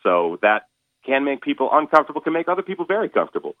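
A man being interviewed as a guest performer, speaking haltingly with many fillers and restarts. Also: medium pitch, sing-song, dry recording. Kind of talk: casual interview over the phone. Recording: tinny phone line.

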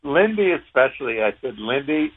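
A man with a fairly low voice tells an old locker-room story in a relaxed, rambling way, dropping the odd curse word. He is a former pro hockey player speaking as a guest. His voice comes through a narrow, tinny phone line. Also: moderate pace. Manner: relaxed, rambling, salty language. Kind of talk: casual anecdotal storytelling.

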